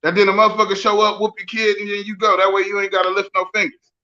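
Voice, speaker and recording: Forties guy cussing and joking on a podcast, kinda high voice, muffled lo-fi sound. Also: level tone, fast, bright, forceful tone. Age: 40s. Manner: profane, joking storyteller. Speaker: podcast co-host. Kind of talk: casual podcast banter.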